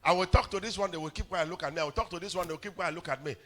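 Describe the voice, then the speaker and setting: A male pastor preaching a sermon in church, telling stories, often stammering on words and building up to shouts. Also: high voice, rapid-fire. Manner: storytelling preacher, rising to shouts, stammered repeats. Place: church hall.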